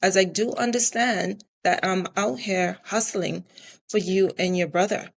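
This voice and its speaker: A woman's voice: mid-range voice, steady tone, a little slow, gravelly. A middle-aged woman from the Caribbean, a restaurant owner talking in a casual interview, earnest and repeating herself for emphasis.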